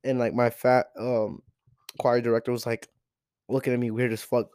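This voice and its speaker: A man's voice: medium pitch, flat delivery, normal speed, a little mellow, smooth, no room sound, studio quality. A teenage boy hosting a podcast, ranting in an exasperated, profane way with lots of repeated rhetorical questions. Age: teens. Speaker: podcast host. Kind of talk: solo sports rant.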